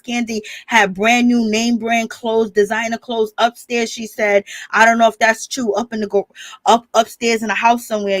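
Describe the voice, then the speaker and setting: A reality TV commentator with a slightly high voice gives a casual, chatty recap of an episode, animated and laughing often, and she likes to say "baby." The recording has no echo.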